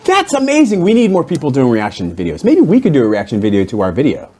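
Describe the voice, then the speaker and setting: A man hosting a casual podcast chat, joking and animated. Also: mid-range voice, breathy edge. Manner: jokey, animated, quick. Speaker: podcast host.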